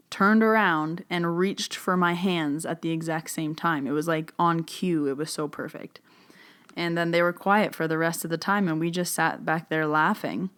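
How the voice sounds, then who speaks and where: A woman with a slightly low voice tells a personal story in casual, chatty podcast talk. She leans on fillers as she goes. Her voice gets livelier when she quotes other people. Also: a bit bright, clear, resonant tone. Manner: frequent fillers like "like" and "you know". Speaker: podcast host.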